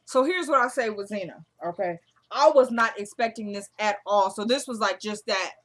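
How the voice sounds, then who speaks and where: A young woman casually recapping a TV episode, retelling scenes as quick quoted dialogue. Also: fairly high pitch, a bit bright.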